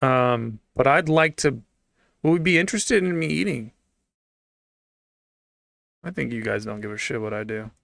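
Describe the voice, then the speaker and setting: A man's voice: mid-range voice, expressive, measured pace, vocal fry, long pauses, a bit bright, no echo. A man giving casual reaction commentary, blunt and sarcastic, swearing freely. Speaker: streamer reacting to videos.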